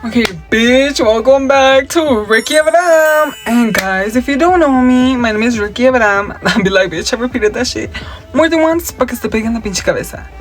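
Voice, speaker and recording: A man's voice: very high-pitched, animated, brisk, faint music behind. A young man, chatting casually through a makeup tutorial and story time, sassy and profane, mixing Spanish slang into his English. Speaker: makeup vlogger. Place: at home.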